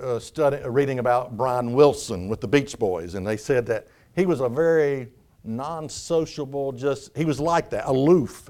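A man preaching a sermon as pastor, animated, acting out quoted voices, with frequent restarts. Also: medium pitch.

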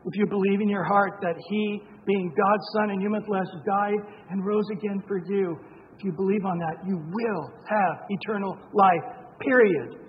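A man's voice: high-pitched, fairly even intonation, moderate pace, breathy edge. A man preaching a sermon in an emphatic, conversational way, with asides to the congregation. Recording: dull lo-fi sound with long reverb in a hall.

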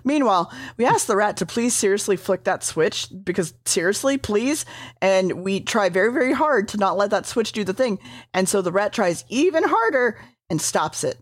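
A woman's voice: medium pitch, expressive, moderate pace, no echo, studio quality. A woman casually recapping a tabletop game session, rambling, hedging and swearing.

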